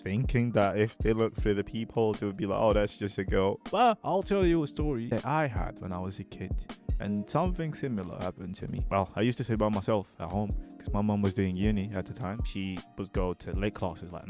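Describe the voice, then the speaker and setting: Man, lowish voice, emphatic and incredulous reaction host, faint music behind. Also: a little mellow. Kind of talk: casual reaction commentary.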